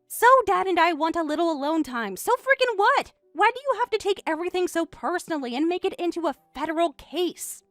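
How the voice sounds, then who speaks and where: A woman's voice: very high-pitched, animated, brisk, few pauses, fairly bright tone, dry recording, faint music behind. A woman voicing a bratty young adult daughter who answers with snippy, eye-rolling retorts in a text-message story.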